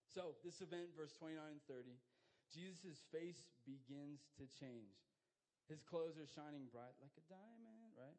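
A young man giving a casual, slangy sermon, telling jokey stories with sudden loud bursts. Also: on the high side, animated, unhurried, poor audio. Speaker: youth pastor.

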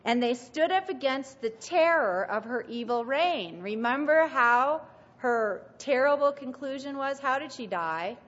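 A woman preaching to a group of women, earnest and emphatic, her voice dropping soft at the end of phrases. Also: sits high, animated, a little slow, muffled recording. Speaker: speaker at a women's gathering. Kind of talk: sermon.

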